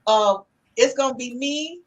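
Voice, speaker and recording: A middle-aged woman with a high voice hosts a casual podcast chat. She reads out viewer comments in a lively, slangy way and keeps calling people "honey". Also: unhurried, highs cut off. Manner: lively, calls listeners "honey", Southern-style US slang.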